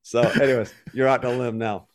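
Man, podcast co-host, casual chat, mid pitch, animated storyteller who acts out the quotes. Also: fairly quick.

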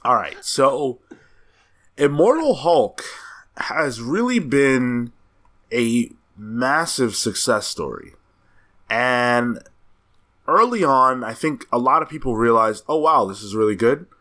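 A man co-hosting a casual comics podcast, steering the talk between topics. His voice sits at an everyday pitch but swings up and down with lively energy. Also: slow. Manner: animated, sets up topics. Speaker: podcast co-host. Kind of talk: casual chat.

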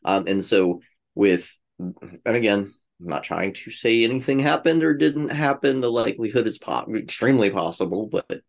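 A man co-hosting a podcast in casual chat, explaining his view in a measured way with many "like"s. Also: lowish voice, expressive, creaky. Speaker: podcast co-host.

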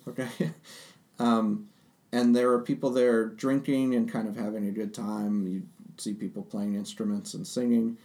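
A man narrating a tabletop role-playing game as game master, relaxed with frequent hesitations. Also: lowish voice, normal speed. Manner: relaxed, hesitant, many ums.

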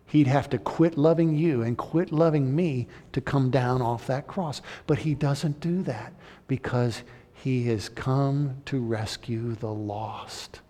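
A man preaching a sermon as pastor, moving between impassioned emphasis and hushed, near-whispered appeals. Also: medium pitch, takes it slowly. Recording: long hall reverb.

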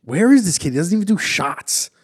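Raspy, excitable podcast guest, male. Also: high-pitched, brisk. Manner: loud, excitable, crude banter. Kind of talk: casual chat.

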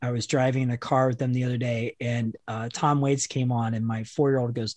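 A man hosts a podcast in a loose, casual way. He swears freely and wanders into long anecdotes. His voice has a middling pitch and sits dry and close to the mic, with no room sound. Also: flat delivery, a little fast, a little mellow, no echo. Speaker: podcast host.

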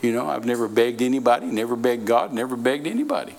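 A man's voice: mid-range voice, expressive, fast talker, creaky, darkish tone, poor audio. An older man preaching a sermon in a folksy, repetitive way, often restarting his sentences. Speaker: traveling preacher.

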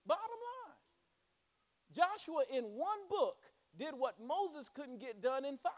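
A man's voice: extremely high pitch, very animated, slow pace. A man. He swings from fervent exhortation to playful, joking asides. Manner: preaching with rising fervor and humorous asides. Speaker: pastor. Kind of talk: sermon.

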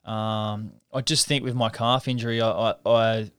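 A man tells his story in a reflective, earnest way. His voice is smooth and resonant, recorded close and dry. He stops and restarts often while he talks in a casual interview. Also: on the low side, level tone, moderate pace, a bit bright, no room sound. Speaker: interview guest, professional rugby league halfback.

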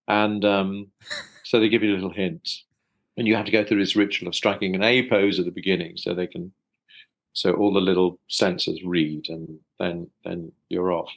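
An older man from South London with a fairly low voice talks over a video call. He stops and repeats words as he thinks, chuckling often, in a relaxed interview chat. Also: rough recording. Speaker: actor guest.

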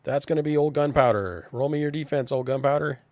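A man's voice: a little high, a little fast, background noise. Man running a pirate tabletop game. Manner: casual, chatty, laughs often, frequent restarts. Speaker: game master.

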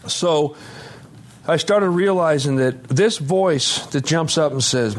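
A man giving a candid personal testimony at a conference, dropping to a hush and then rising loud and laughing. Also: on the high side, slow pace, a little hiss or hum. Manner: candid, swings between hushed and loud, laughing. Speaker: speaker sharing his recovery story. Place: conference hall.

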